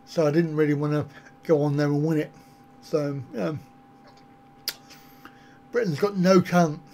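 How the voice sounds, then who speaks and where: A man's voice: a little high, steady tone, unhurried, dark tone, slight background noise. A man on a casual live stream, answering viewer comments in a rambling, self-mocking way. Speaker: travel vlogger answering live chat.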